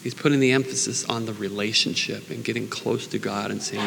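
A man preaching in an unhurried, earnest, informal way, mixing Bible readings with personal prayer. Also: on the low side, fairly even intonation, gravelly, fairly bright tone. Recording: long reverb, faint background noise.

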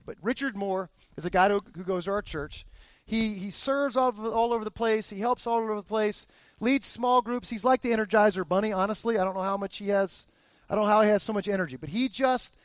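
A man's voice: sits high, dry recording, studio quality. A man preaching a sermon as a pastor, talking candidly and conversationally with frequent restarts.

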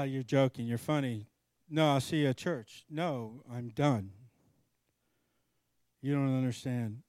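A middle-aged man preaching, telling a story in an animated way and acting out both sides of a conversation. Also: medium pitch, no echo, studio quality. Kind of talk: storytelling sermon.

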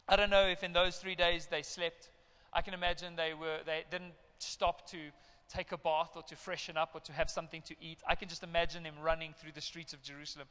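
Middle-aged male pastor, bright tenor, lively sermon storytelling, long church reverb. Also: sits high, smooth. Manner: animated storytelling with acted parental outbursts.

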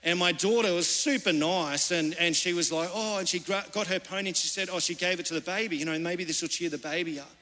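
Man preaching a sermon, high-pitched and bright, long reverb of a church hall. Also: fast talker, few pauses. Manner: earnest, conversational storytelling. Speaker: pastor.

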